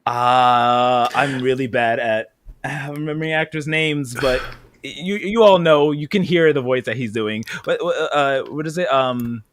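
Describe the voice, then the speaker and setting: A man hosting a casual livestream chat, halting and full of fillers, laughing easily. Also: mid-range voice, fairly bright tone. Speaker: stream host.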